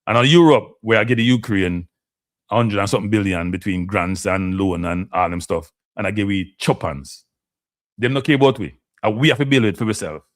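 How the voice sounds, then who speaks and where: Speaking fairly quickly in a fairly low voice, this live-stream host with a Jamaican accent launches into an impassioned rant, moving back and forth between patois and standard English.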